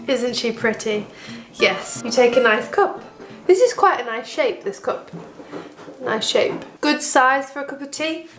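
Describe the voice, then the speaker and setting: Woman vlogger, high bouncy voice, playful asides, echoey kitchen with music behind. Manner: chatty and playful, jokey asides. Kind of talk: casual vlog chat. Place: home kitchen with washing machine running.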